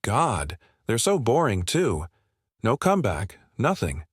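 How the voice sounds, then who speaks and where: A man voicing a sarcastic young barista who sneers and taunts a customer, in a low-pitched voice with a dry sound. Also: wildly swooping pitch, takes it slowly, husky, no room sound, full character voice. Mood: mocking.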